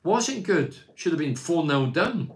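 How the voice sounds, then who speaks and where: A man's voice: fairly high pitch, big pitch swings, a little slow. An older man, a former footballer chatting casually about his club and reading out fan messages, blunt and opinionated with plenty of rambling restarts.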